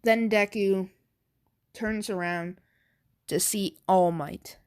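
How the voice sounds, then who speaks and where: A woman's voice: mid-range voice, steady tone, takes it slowly, a little mellow, clean tone. A woman improvising a fan story aloud, hesitant and stammering with many fillers.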